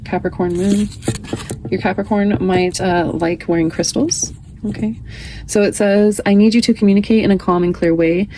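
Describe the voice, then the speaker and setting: A woman's voice: mid-range voice, fairly even intonation, moderate pace, mellow, a little hiss or hum, rough recording. A woman in her thirties giving a casual, chatty tarot reading, often reading card text aloud.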